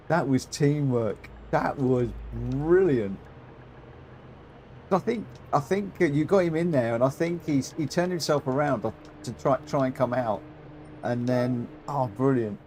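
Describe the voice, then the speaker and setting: A man giving excitable, giggly live commentary as host of a gaming livestream, chatting to viewers from a home setup on a desk mic. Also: mid-range voice, moderate pace, slight background noise.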